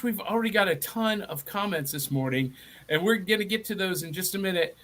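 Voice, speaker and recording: Man, middle-aged, high voice, bright tone, enthusiastic, chatty live host. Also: moderate pace. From Middle Tennessee. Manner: enthusiastic, chatty, stumbling restarts. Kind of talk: casual live show hosting.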